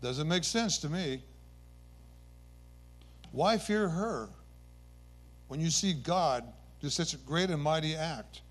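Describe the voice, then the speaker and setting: A man's voice: on the high side, expressive, takes it slowly, pauses often. A man preaching a sermon, retelling scripture stories with earnest emphasis and occasional self-corrections.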